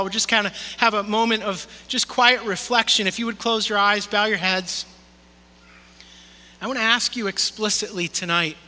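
Earnest high-voiced pastor in a reverberant hall. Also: male voice. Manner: earnest, pleading, drops soft and slow for emphasis. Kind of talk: sermon. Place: church hall, also streamed online.

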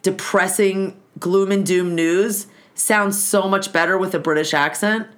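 A woman talking in a relaxed chat, her voice sitting at an ordinary middle pitch. She rants bluntly and swears often, fired up about whatever she's on. Casual, unpolished conversation. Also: unhurried. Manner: blunt, profane ranting.

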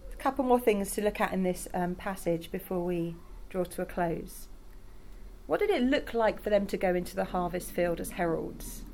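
A woman's voice: lowish voice, expressive, normal speed, gravelly, mellow, slight background noise. A woman preaching a sermon in a conversational, enthusiastic way, speaking directly to her congregation. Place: church in Rotterdam.

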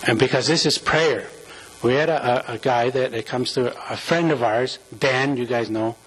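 A man giving an informal sermon in a church, speaking earnestly and emotionally, close to tears, with many halting restarts and fillers. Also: medium pitch, slightly rough, rough recording. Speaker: church member preaching. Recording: mains hum under the voice.

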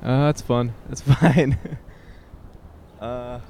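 A young man vlogs by himself outdoors in a city park, rambling in a hesitant, self-conscious way with nervous laughs and plenty of fillers. His voice is medium-pitched and dark, with a steady tone and drawn-out words, and there's a faint hiss or hum in the recording.

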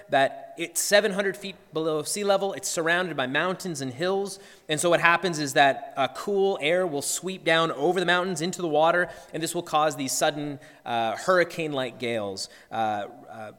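A man's voice: on the high side, fairly bright tone. Preaching man in a reverberant hall. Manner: earnest, acts out the disciples' cries. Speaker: pastor. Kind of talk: sermon.

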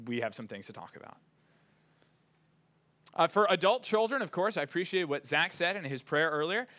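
Man, pastor, sermon, bright forceful voice, emphatic, earnest. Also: on the high side. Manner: earnest, emphatic preaching with frequent "uh" and "right?".

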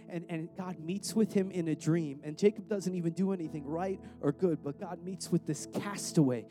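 A man's voice: fairly high pitch, normal speed, few pauses, music in the background. A young adult male preacher giving a sermon in a conversational, slangy way, often repeating words.

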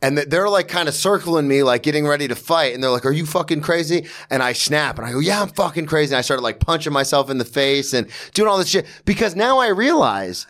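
A man's voice: on the high side, lively intonation, fast, hardly any pauses, fairly bright tone. A young man from Florida, a comedian, in casual podcast chat, telling rambling stories and laughing through them.

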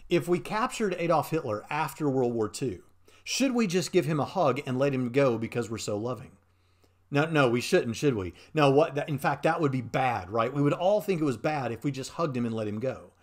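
A man's voice: mid-range voice, lively intonation, normal speed. A man hosting a show, commenting casually on a played clip in an earnest, argumentative way, thinking aloud as he goes. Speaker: host.

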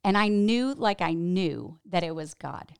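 A woman's voice: lowish voice, lively intonation, unhurried, creaky, clean tone, no room sound. A woman hosting a faith podcast, giving an earnest scripted intro before chatting casually and expressively with her guest, laughing easily. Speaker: podcast host. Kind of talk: scripted intro, then casual interview chat.

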